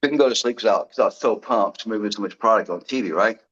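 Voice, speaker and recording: A man, a guest in an interview, telling his story in a lively way and acting out what people said. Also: on the low side, quick pace, breathy edge, dull audio. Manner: lively storyteller who acts out quoted dialogue. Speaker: guest, product founder.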